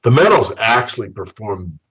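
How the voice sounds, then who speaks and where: A man, a guest analyst, talking in a measured way with frequent fillers and restarts in a podcast interview. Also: lowish voice, very animated, fairly bright tone, slight background noise, low-quality recording. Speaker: guest, precious metals analyst.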